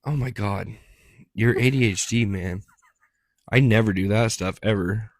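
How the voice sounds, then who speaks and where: A man's voice: on the low side, unhurried, dry recording, studio quality. A man co-hosting a casual podcast, joking around, swearing freely and slipping into silly voices. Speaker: podcast co-host. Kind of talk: casual chat.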